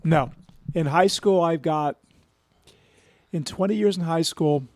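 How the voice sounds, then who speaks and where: A man who coaches, giving thoughtful, measured advice in a casual radio chat. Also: on the high side, darkish tone, no room sound.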